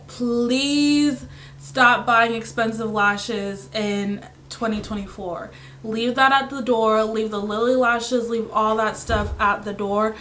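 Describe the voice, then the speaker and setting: A young woman reviewing her favorite beauty products in a casual chat, her voice raspy and hoarse from illness, with lots of filler words. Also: on the high side, sharp tone, slight background noise. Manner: chatty, full of "like" fillers. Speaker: beauty vlogger.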